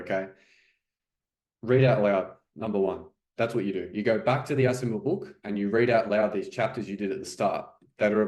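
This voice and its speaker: A man's voice: lowish voice, darkish tone, reverberant. A man who works as a French coach, talking casually to viewers about how to learn the language and often dropping in "okay" and "you know". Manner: conversational, frequent fillers like "okay" and "you know".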